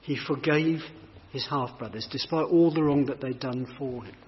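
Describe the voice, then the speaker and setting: A man's voice: medium pitch, moderate pace. A man giving a sermon, reading scripture aloud and then reflecting on it in a thoughtful, explanatory way. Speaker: preacher. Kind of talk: sermon explaining a Bible passage. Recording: long hall reverb, dull lo-fi sound.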